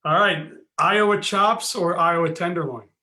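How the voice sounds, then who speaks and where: A man hosting a casual podcast interview, friendly and quick to laugh as he asks his questions. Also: high-pitched, pushed and bright, a little hiss or hum. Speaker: podcast host.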